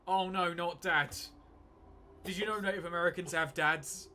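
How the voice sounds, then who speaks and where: Sarcastic bright-voiced man. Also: high voice, steady tone, normal speed, a little hiss or hum. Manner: sarcastic, mocking. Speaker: game commentator. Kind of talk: casual let's play banter.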